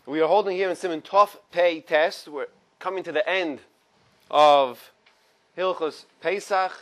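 A man teaches a morning Torah class, pitched a little high for a man. He reads each Hebrew phrase slowly and then translates it. Between readings he drops into loose, chatty asides to a small group. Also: fairly bright tone. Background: small study group in the room.

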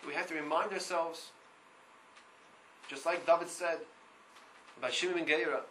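A man giving a Torah class, reading Hebrew lines aloud and translating them, in an animated way that repeats words. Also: on the high side, moderate pace, slight background noise, rough recording. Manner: reads Hebrew text and translates line by line. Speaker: Torah teacher.

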